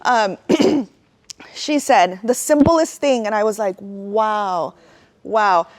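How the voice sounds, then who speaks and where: Woman, middle-aged, somewhat high pitch, conversational talk to parents, frequent "right?", emotional asides. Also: animated, takes it slowly, a little mellow.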